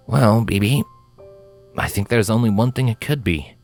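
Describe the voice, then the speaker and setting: A man voicing a young human man who acts as a caring but stern father, firm and deliberate in his speech. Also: on the low side, faint music behind, natural voice. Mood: tender.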